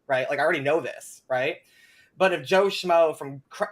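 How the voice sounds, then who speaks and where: A young man chatting as a guest on a live show. He talks in an animated, sarcastic way, swears freely and laughs a lot between points. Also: fairly high pitch. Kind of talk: casual live chat.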